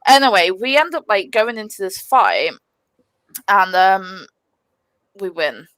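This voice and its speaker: A young woman telling a gaming story on a podcast, animated and swearing freely, with lots of fillers. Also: mid-range voice, takes it slowly, no echo. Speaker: podcast guest, gamer. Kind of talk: casual storytelling.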